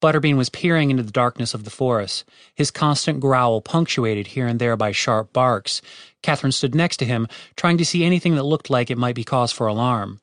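A man narrating a fantasy audiobook chapter with expressive storytelling. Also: mid-range voice, brisk, dry recording, studio quality. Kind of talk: scripted narration.

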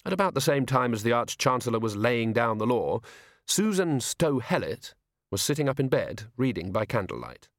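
A man reading a novel aloud as an audiobook narrator, measured and wry. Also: medium pitch, big pitch swings, no echo, clean studio sound. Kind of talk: scripted narration.

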